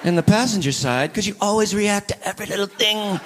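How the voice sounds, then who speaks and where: A man's voice: high voice, brisk, long reverb tail, very noisy. A man performing a stand-up routine before a live audience, acting out both sides of married bickering with big comic outbursts. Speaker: stand-up comedian. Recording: live club recording with crowd laughter.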